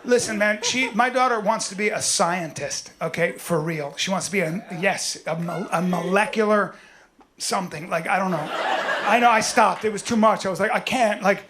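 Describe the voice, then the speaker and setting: A middle-aged man performing a swaggering stand-up comedy set on stage, often shouting his punchlines. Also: high-pitched, normal speed. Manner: loud, swaggering, punchy delivery with frequent shouting. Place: stage before a live audience. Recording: live show with audible audience noise.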